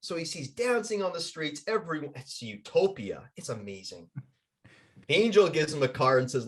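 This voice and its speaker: Animated, emphatic man telling stories. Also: a little high, normal speed. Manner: emphatic, energetic, acts out voices. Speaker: podcast guest and coach. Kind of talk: animated storytelling and plugs.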